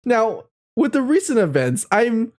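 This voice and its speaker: High, lively giggling young woman. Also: unhurried. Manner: giggly, shrieking exclamations. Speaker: streamer. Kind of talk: reading an AI story aloud with reactions.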